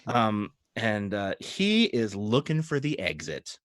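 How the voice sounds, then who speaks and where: A man running a tabletop game as game master, narrating with animated, chuckling energy and frequent hesitations. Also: lowish voice, slow, no room sound.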